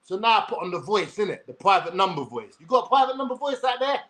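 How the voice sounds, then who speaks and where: A young man with a London accent rambles through a livestream story. He is brash and sweary, and his voice sits fairly high for a man. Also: sing-song, quick pace, a bit bright.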